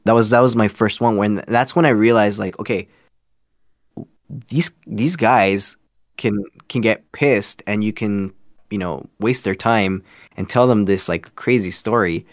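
A young man from Canada tells a story in a rambling way, restarting sentences and filling pauses. His voice sits a little low and the sound is dry and close, with no room around it. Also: no room sound. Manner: rambling, many restarts and fillers. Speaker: guest, scambaiter. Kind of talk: casual storytelling interview.

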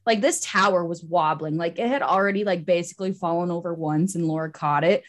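A young adult woman co-hosting a podcast, chatting casually and telling stories with an animated, laughing manner. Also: fairly low pitch, a little fast. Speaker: podcast co-host. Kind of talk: casual chat.

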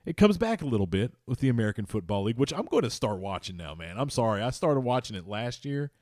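A man's voice: medium pitch, sing-song, fast talker, a little mellow, no room sound, studio quality. A man co-hosting a casual sports podcast, loose and rambling, swearing freely. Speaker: podcast co-host.

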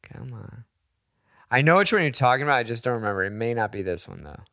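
A man's voice: mid-range voice, lively intonation, quick pace, gravelly, a bit bright. A man hosting a casual podcast chat, joking crudely with his guest. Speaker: podcast host.

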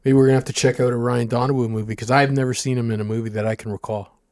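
A man's voice: mid-range voice, fairly even intonation, rapid-fire, darkish tone. A man in a casual chat who patiently prompts his friend with questions and quizzes him on details. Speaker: co-host asking questions.

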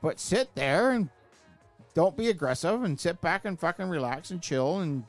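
A man's voice: fairly high pitch, animated, moderate pace, soft background music. A man, talking in a heated, profane, emphatic way in a casual podcast chat. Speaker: podcast co-host.

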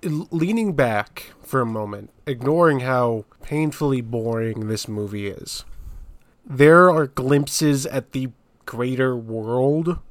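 A man co-hosting a podcast, discussing a movie in casual chat with deadpan, dry jokes. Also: medium pitch, slow, no room sound. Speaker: podcast co-host.

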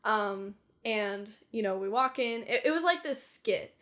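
A woman's voice: fairly high pitch, lively intonation, measured pace, a bit bright. A woman co-hosting a podcast in casual chat, giggling often, swearing freely and saying "like" a lot. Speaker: podcast co-host.

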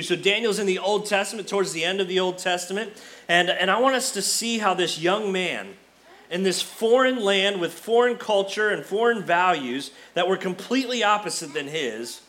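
A man preaching a sermon as pastor, retelling a story with lively acted-out dialogue. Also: high voice. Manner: animated storyteller, acts out quoted characters.

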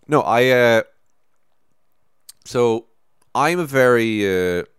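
A man's voice: medium pitch, slow, clear, resonant tone, no echo, studio quality. A young man from Ireland telling stories on a casual podcast, swearing freely and acting out his own past reactions. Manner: animated storytelling, swears a lot, voices his past self. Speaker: podcast co-host.

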